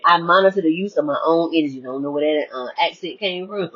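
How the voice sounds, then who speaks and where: A woman's voice: sits low, lively intonation, a little fast, few pauses, slightly rough, muffled recording. A woman speaking as a spiritual life coach in an emphatic, preachy monologue that repeats its key phrases.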